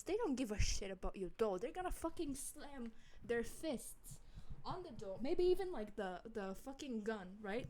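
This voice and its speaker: A woman's voice: fairly high pitch, slight background noise. Rambling young woman telling a story. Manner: rambling, swears a lot, heavy use of "like". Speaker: vlogger. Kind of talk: casual story time. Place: home office. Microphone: studio microphone at desk.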